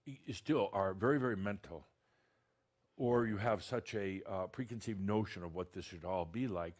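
A low-pitched man channels a spiritual teacher, addressing an audience. His manner is blunt, direct and teasing, with many restarts.

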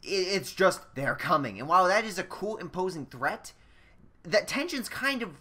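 A man's voice: sits high, lively intonation, moderate pace, pushed and bright. A man reviewing a film in casual chat, critical and insistent, often restarting his sentences.

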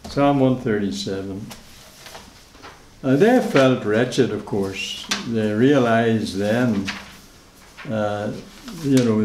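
A man preaching a sermon in a church, measured and repeating key phrases for emphasis. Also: fairly low pitch, a little mellow, slight background noise. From Northern Ireland. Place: church hall. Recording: echoey church hall.

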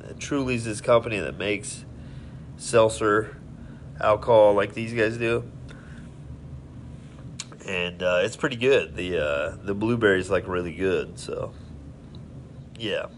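Rambling live-stream host, male, lowish voice, faint hiss under it. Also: slow pace, pauses often. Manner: rambling, friendly, tipsy storytelling. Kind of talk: casual live-stream chat with viewers.

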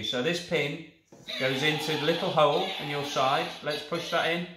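A man's voice: a little high, moderate pace. A man reviewing a toy, talking it through in a coaxing sing-song and praising it as he shows each feature. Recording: echoey room with clear background noise.

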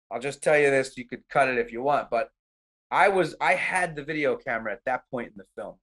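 A middle-aged man casually recounting a film shoot in a podcast interview, acting out his own quotes with lots of "like". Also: mid-range voice. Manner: animated storyteller, acts out quotes, frequent "like".

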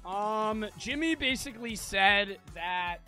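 A young man streaming a game, chatting in a slangy, excitable way and swearing often. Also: sits high, slow. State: out of breath. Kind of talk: casual gaming commentary. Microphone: headset. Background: game music.

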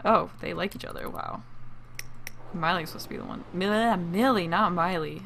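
A woman's voice: on the low side, moderate pace, gravelly, fairly bright tone, a little hiss or hum. Giggly woman narrating her gameplay. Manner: chatty, giggly, talks to viewers. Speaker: gameplay commentator. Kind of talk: casual let's-play commentary.

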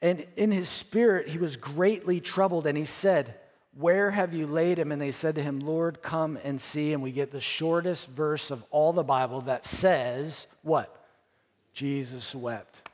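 A man preaching a sermon as pastor, earnest, repeating phrases, rising to emphatic peaks and dropping to soft, quiet lines. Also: a little high, unhurried. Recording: church hall with long reverb.

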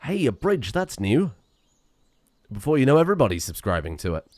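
A man's voice: mid-range voice, sing-song, fairly quick, darkish tone, dry recording. A young man, joking and sarcastic as he streams a game. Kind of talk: let's-play commentary.

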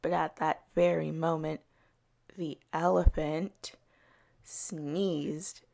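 Woman educator, children's story time reader: slow, gravelly, expressive. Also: deep voice. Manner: slow, expressive read-aloud with soft character voices. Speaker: early years educator.

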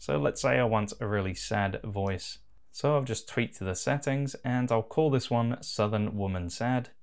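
A man giving a relaxed, casual voice-over as he walks through a software tutorial. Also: medium pitch, measured pace, gravelly, clear, resonant tone. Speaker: tutorial host.

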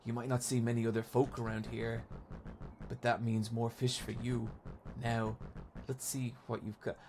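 A man voicing a soft-spoken, vaguely sinister male fishing shop owner with a low, hushed drawl. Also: level tone, normal speed, noisy background, lightly acted. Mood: shady.

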